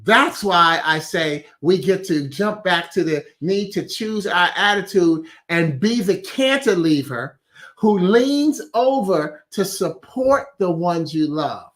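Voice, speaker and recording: A man's voice: high voice, lively intonation, slow, a bit bright. A man hosting a weekly inspirational message in a chatty, casual way, laughing at his own wordplay and reading out viewer comments. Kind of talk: casual motivational talk.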